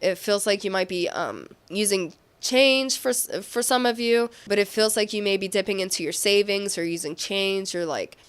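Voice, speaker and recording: A woman's voice: mid-range voice, normal speed, hardly any pauses, smooth. A young woman giving a tarot reading to her viewers, earnest and encouraging, thinking aloud and restarting her phrases. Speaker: tarot reader.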